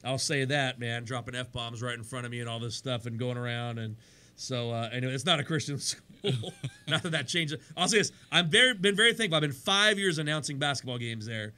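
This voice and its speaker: A man hosting a sports radio show in a studio, chatty and energetic, his voice worn from days of talking. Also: medium pitch, fairly quick. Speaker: radio show host and pastor. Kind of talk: casual sports radio chat.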